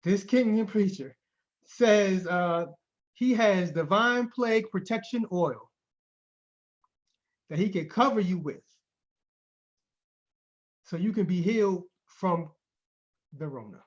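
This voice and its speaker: A man with a high voice reads odd news stories to his co-host, amused and chuckling between lines. His audio is muffled and lo-fi. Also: takes it slowly, pauses often. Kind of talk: casual comedic chat.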